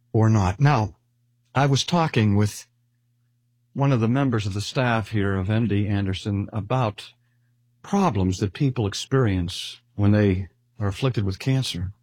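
An older man giving an earnest sermon and slowing down to stress key phrases. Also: fairly low pitch, a little mellow, slightly rough, no echo. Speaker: preacher.

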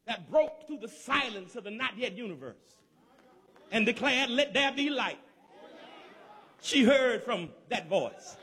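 A Southern man from Georgia preaches with a strikingly high, lively voice that swoops up and down. He repeats his phrases in rhythmic call-and-response and rises to ringing shouts. He speaks straight to his congregation. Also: big-room sound. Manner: talks directly to the congregation. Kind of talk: sermon.

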